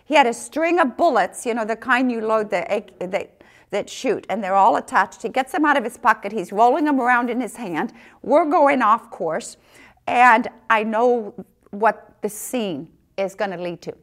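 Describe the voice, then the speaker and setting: Animated storytelling woman, middle-aged. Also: moderate pace. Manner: dramatic, acts out the dialogue with big pitch jumps. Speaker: missionary telling her story.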